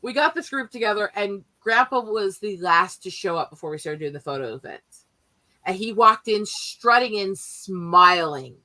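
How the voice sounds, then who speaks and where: A woman telling family stories in a casual chat, animated and profane, often laughing as she talks. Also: mid-range voice, normal speed, low-quality recording.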